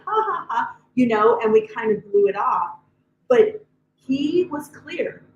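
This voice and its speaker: Animated woman telling stories. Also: fairly high pitch, slow, roomy sound, lo-fi sound. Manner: animated storytelling, acting out her own quotes. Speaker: podcast guest. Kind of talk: casual conversation.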